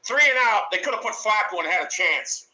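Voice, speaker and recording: A man's voice: sits high, animated, fairly quick, bright, forceful tone, roomy sound, rough recording. A man giving profane, mocking reaction commentary on game footage, laughing and cursing as he talks.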